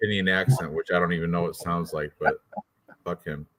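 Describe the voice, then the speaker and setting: A man's voice: sits low, fairly even intonation, quick pace, a crowd in the background. A man co-hosting a fight picks stream, rambling in casual banter, swearing and laughing often. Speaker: co-host of a fight picks show.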